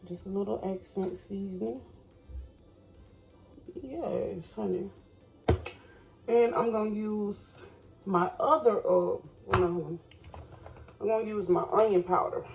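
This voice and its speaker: A woman's voice: medium pitch, takes it slowly, gravelly, long pauses, darkish tone, faint music behind. A woman chatting casually to viewers while cooking in her home kitchen. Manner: chatty, addresses viewers as y'all. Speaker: cooking vlogger.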